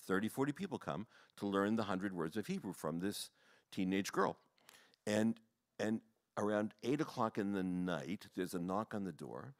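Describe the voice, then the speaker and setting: A man, a rabbi, telling stories to an audience in a rambling, animated way, full of fillers and short laughs. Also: low voice, no echo, clean studio sound. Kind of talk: storytelling talk.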